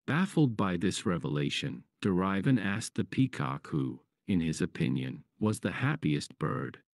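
A man telling a fable in a calm, measured storytelling manner. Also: deep voice, no echo, clean studio sound. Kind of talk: scripted story narration.

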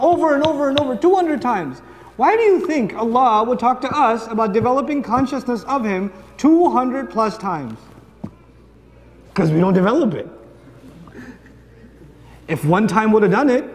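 A man giving a sermon to a live audience, lively, acting out little dialogues as he goes. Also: very high voice, a little hiss or hum. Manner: animated, acts out dialogues for the audience. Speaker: preacher. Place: large hall with long reverb. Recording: echoing hall reverb.

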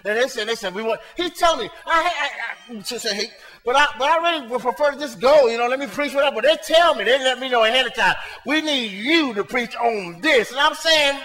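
A male pastor preaching a sermon to his congregation, swinging between soft asides and shouted points, talking to them in a casual, colloquial way. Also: very high voice, brisk, hardly any pauses, long reverb tail. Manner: colloquial, talks straight to the congregation. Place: church sanctuary.

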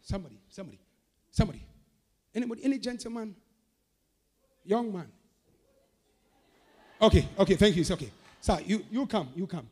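A man preaching a sermon, moving between fervent, rhythmic chanted declarations and calmer teaching. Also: high-pitched, a little fast, long pauses, husky.

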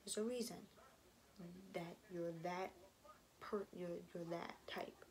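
A woman's voice: lowish voice, steady tone, takes it slowly, a little mellow. A young woman vlogger telling a story in a casual, rambling way, full of fillers and restarts, and now and then she drops to a whisper.

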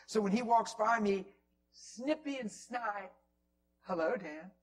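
A man preaching in a church, telling a story with animated swings from loud bursts to near whispers. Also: high-pitched, unhurried, a little hiss or hum, poor audio. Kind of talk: storytelling sermon. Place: church hall.

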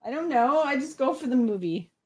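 A woman's voice: high-pitched, expressive, brisk. A woman co-hosting a casual livestream, reading chat comments aloud and joking around in a playful, giggly way.

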